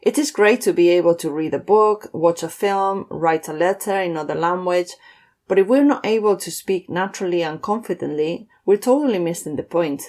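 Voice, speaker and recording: A woman teaching a beginners' language lesson. Her voice sits on the low side for a woman. She slows down and pronounces each example phrase carefully. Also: a little mellow. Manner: clear, slowed model pronunciation of phrases. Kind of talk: scripted lesson.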